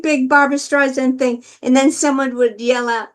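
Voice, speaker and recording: An older woman entertainer telling stories as a guest, lively and theatrical, often laughing. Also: high voice, normal speed, few pauses. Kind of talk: storytelling interview.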